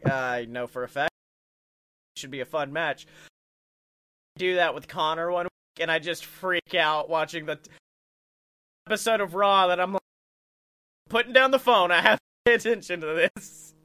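A man hosting a casual wrestling podcast, excitable and quick to laugh, who slips into goofy put-on voices. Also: on the high side, smooth, no room sound.

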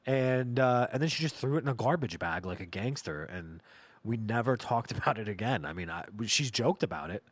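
A man's voice: on the low side, lively intonation, brisk, dry recording. Foul-mouthed man telling stories. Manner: profane, rambling, jokey. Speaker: podcast host. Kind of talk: comedic storytelling monologue.

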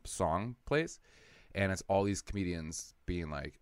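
Man from wisconsin, very low voice, animated comedy stories, dry close sound. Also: normal speed, smooth, no echo. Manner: animated storyteller, acts out quotes. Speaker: comedian, podcast co-host. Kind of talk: casual chat, storytelling.

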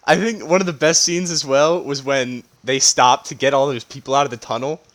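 A man's voice: mid-range voice, fairly even intonation, a little fast, fairly bright tone. A man co-hosting a casual movie review, giggling as he retells scenes and quotes lines. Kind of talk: casual chat.

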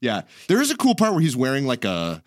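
A man's voice: mid-range voice, wildly swooping pitch, fast, no room sound, clean studio sound. A man hosting a podcast in casual chat, rambling through stories, laughing often and swearing casually. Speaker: podcast host.

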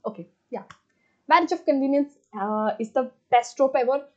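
Young female book vlogger, excitable and gushing, slightly high voice, muffled lo-fi recording. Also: moderate pace. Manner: gushing, excitable, many fillers. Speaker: book reviewer. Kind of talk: casual book review vlog. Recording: slightly dull lo-fi audio.

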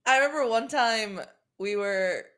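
A woman's voice: on the high side, unhurried, bright, forceful tone. A young woman co-hosting a podcast, telling playful self-deprecating stories in casual chat. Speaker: podcast co-host.

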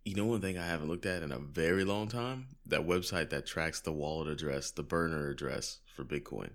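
A man co-hosting a podcast, talking casually and wondering aloud. He throws out open questions as he thinks. His voice sits very low and deep. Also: brisk, a bit bright. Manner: musing, asks open questions. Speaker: podcast co-host. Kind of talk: casual chat.

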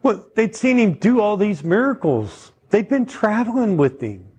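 A man's voice: high voice, very animated, unhurried, darkish tone, slightly rough. A man preaching a sermon in a conversational teaching manner, often checking in with his listeners. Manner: conversational teaching, asks the audience questions.

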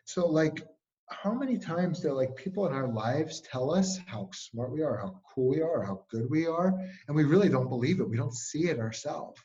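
A man's fairly high voice comes through at normal speed on a lo-fi recording as he guests casually in an interview as a speaking coach. He tells stories energetically, using "like" as a filler again and again.

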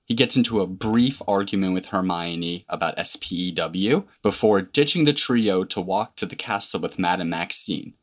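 A woman co-hosting a casual book discussion podcast, summarizing the plot in a conversational way with asides. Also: a bass voice. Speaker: podcast co-host.

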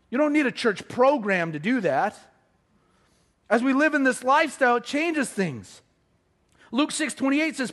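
High-voiced animated male pastor. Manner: animated, self-deprecating humor, quick asides. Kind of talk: sermon with storytelling.

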